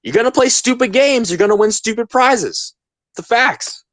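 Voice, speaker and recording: Animated ranting young man, dry sound. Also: very high-pitched, normal speed, dry recording. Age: 20s. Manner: emphatic, ranting, repeats points. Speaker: podcast host. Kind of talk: casual opinion podcast.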